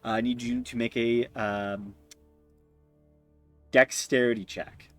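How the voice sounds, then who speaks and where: A man narrating as game master, pausing often with fillers. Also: mid-range voice, steady tone, over music. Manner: hesitant, many fillers.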